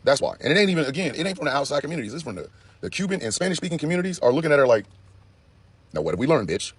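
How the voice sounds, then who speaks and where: A man giving casual, profane commentary in an animated way, with laughing asides. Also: a little high, racing, slightly rough, no room sound.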